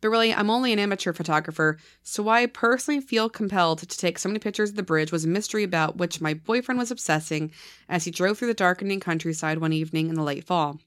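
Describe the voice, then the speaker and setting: A woman's voice: lowish voice, fast, dry recording, studio quality. A woman, a podcast host whose voice is slightly scratchy from illness, chatting playfully and reading true ghost stories aloud. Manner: playful, laughs often, reads stories in a lively storytelling way.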